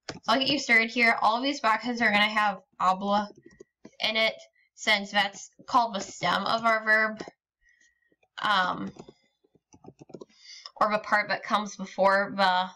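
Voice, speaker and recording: A woman's voice: medium pitch, pushed and bright. A woman teaching a recorded lesson, explaining patiently step by step with frequent ums. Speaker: Spanish teacher.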